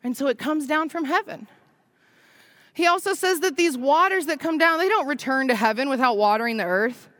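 A woman in her thirties preaching a conversational sermon, full of "right?" and "like" and quick laughs as she tells stories. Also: sits high, a bit bright. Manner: chatty, frequent "right?" and "like", laughs while telling stories.

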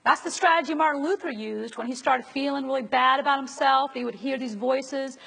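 A woman's voice: high-pitched, brisk, creaky, fairly bright tone. A woman preacher giving a conversational sermon and asking her listeners rhetorical questions. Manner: asks the audience rhetorical questions. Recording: long reverb of a large hall.

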